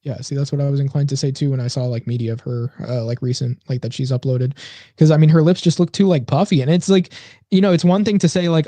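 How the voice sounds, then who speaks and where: A man's voice: medium pitch, fast talker, mellow, no room sound. A man co-hosting a casual comedy podcast, rambling with lots of fillers and restarts. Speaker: podcast co-host.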